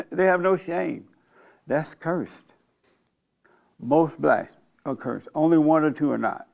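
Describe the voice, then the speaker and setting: Brief: older male pastor, gravelly raised voice, blunt and provocative, informal church talk. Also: fairly high pitch, animated, slow pace, a little mellow. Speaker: pastor and show host.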